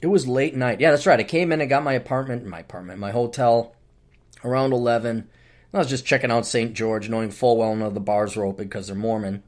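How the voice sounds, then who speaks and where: A man's voice: medium pitch, brisk. A middle-aged man hosting a podcast, ranting solo in a blunt, profane, sarcastic way. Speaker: podcast host.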